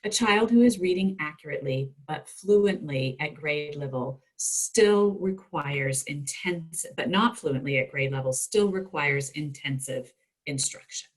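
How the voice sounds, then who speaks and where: A woman presenting at an online conference for teachers, explaining reading skills with expressive emphasis over a computer mic. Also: low-pitched, a little slow, rough recording. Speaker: dyslexia educator presenting to teachers.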